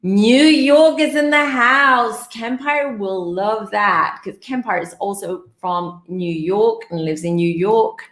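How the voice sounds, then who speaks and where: A woman hosting a live tarot show, chatting in a warm, upbeat way and greeting viewers by name. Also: mid-range voice, slow, few pauses, reverberant. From Greece. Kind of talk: casual live-stream chat.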